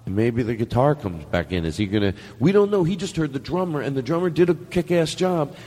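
A man's voice: mid-range voice, sing-song, fairly quick, a little mellow, long reverb tail. A man hosting a show, riffing in a rambling, profane way and acting out what he imagines others say. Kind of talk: casual comedic riffing. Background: music playing.

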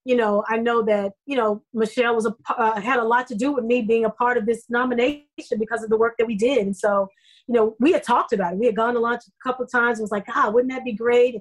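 A middle-aged actress speaking as an interview guest, telling her story in an effusive, emotional way with lively quoted asides. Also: a little high, fast talker, rough recording. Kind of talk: conversational interview.

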